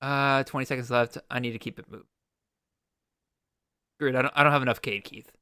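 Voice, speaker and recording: A man's voice: medium pitch, steady tone, brisk, pushed and bright, clear, resonant tone, dry recording, clean studio sound. A man hosting a live-streamed fantasy draft, thinking aloud with restarts and playful mock exasperation. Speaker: podcast host.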